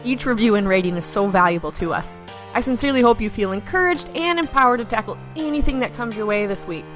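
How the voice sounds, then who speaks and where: Her voice a little high and a touch bright, a thirtysomething podcast host talks fast and expressively through a casual storytelling monologue. She stays upbeat and acts out the voices of those she quotes, with faint music underneath.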